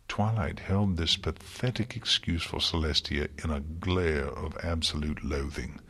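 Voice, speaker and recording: A man narrating an audiobook in a measured, dramatic storytelling manner. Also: very deep voice, creaky, sharp tone, husky.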